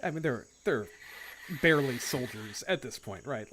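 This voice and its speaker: A man's voice: medium pitch, expressive, normal speed, noisy background. A man running an online tabletop game as game master, narrating loosely with lots of "like" and "kind of". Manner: loose and rambling, full of "like" and "kind of".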